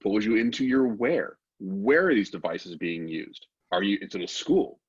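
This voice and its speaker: A man from Texas explains technical topics casually and uses rhetorical questions. His voice is low and husky, and it comes through a dull, lo-fi mic. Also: normal speed. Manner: relaxed, informal, rhetorical questions. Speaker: guest expert.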